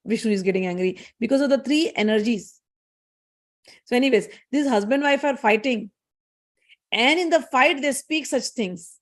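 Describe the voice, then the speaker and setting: A woman's voice: a little high, moderate pace. A woman, a spiritual teacher retelling scripture stories in a conversational lesson, often repeating and restarting phrases.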